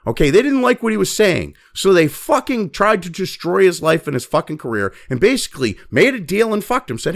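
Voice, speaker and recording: Speaking a little fast with hardly any pauses, a man uses a high-pitched, sing-song voice with vocal fry. He hosts a commentary show, angrily ranting with heavy swearing and mocking impressions of the people he quotes.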